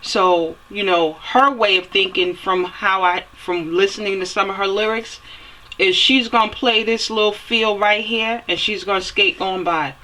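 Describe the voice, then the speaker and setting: A woman giving a fiery, preachy opinion rant, repeating phrases for emphasis and swearing as she climbs to near-yelling. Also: mid-range voice, steady tone, measured pace, low-quality recording. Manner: swears and rises to near-yelling when heated. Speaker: vlogger.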